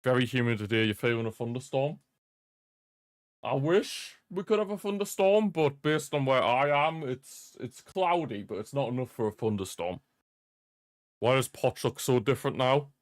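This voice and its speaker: A man's voice: mid-range voice, lively intonation, moderate pace, dry recording, clean studio sound. A young man hosting a football watchalong stream, rambling and chuckling as he chats with viewers over a streaming microphone. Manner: rambling, chuckles often, talks to chat. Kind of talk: casual live-stream chat.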